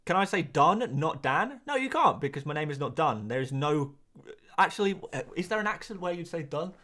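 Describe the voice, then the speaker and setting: Animated, rambling English man. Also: a little high. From England. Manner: animated, rambling, quick asides with laughs. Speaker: streamer answering live chat. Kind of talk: casual live-stream chat.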